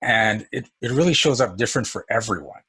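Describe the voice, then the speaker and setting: A man's voice: lowish voice, lively intonation, a little fast, sharp tone, breathy edge. A man teaching an energy work session in a casual, storytelling way, chuckling often.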